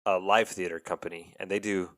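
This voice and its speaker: A man, a film editor and director, telling stories in a relaxed interview with frequent ums. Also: sits low, fairly quick, dry recording, studio quality. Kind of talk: casual interview talk.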